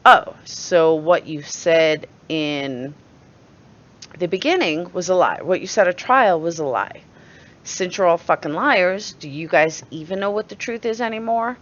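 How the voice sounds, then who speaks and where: A woman's voice: on the low side, expressive, unhurried, fairly bright tone, highs cut off. Blunt, swearing New York woman. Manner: blunt, sarcastic, swears freely. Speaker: channel host. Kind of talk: opinionated commentary.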